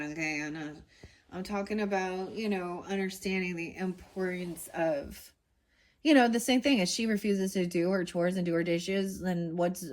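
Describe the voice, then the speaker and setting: A middle-aged woman, a mother, chatting casually as she pulls and reads cards, rambling and saying "dude" and "you know" often. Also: lowish voice. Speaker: tarot card reader. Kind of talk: casual card-reading chat.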